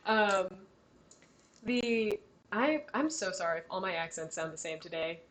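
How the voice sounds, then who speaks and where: A woman's voice: mid-range voice, animated, unhurried, fairly bright tone. A young woman acting as game master for a tabletop role-playing game, chatty and often breaking into laughter.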